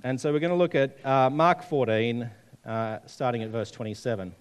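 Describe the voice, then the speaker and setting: A man's voice: mid-range voice, steady tone, moderate pace, smooth. Guy giving a sermon, chatty, keeps asking the congregation questions. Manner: storytelling, conversational, asks the audience questions. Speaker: preacher.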